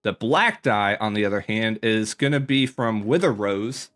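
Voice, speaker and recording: A man's voice: lowish voice, lively intonation, moderate pace, a bit bright, faint music behind. A man casually commentating a tour of his survival game world, rambling with lots of ums and self-corrections, a little out of breath. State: slightly out of breath. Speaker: gaming YouTuber.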